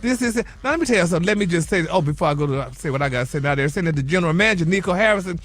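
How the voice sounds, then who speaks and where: Sassy gossip man for a radio morning show: high, bright voice with a flamboyant delivery. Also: expressive, racing, no echo, faint music behind. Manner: flamboyant, sassy, peppers talk with honey and y'all. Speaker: gossip correspondent.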